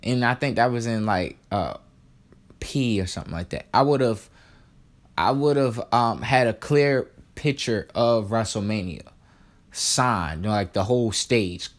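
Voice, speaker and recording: A man's voice: on the low side, a little slow. A man casually telling a personal story on his podcast, in a slangy, laid-back way with lots of fillers.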